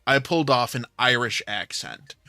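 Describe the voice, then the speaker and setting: A man's voice: medium pitch, lively intonation, moderate pace, bright, forceful tone, no echo. A man hosting a livestream, telling a rambling story in casual chat with plenty of filler words. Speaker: livestream host.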